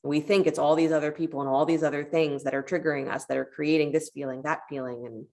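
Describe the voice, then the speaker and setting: A woman leads a yoga class in a low, gravelly voice. She talks with calm encouragement, weaving gentle cues between the poses and a story she tells. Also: fast talker. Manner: calm, encouraging cueing with a parable told in between. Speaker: yoga teacher.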